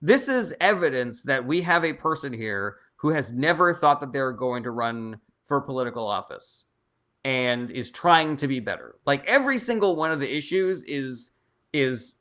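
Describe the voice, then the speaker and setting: A young man hosting a casual livestream speaks in a bright, forward, medium-pitched voice, expressive and at a moderate pace. He reads out viewers' questions and answers with blunt, strong opinions, swearing freely and never softening his stance.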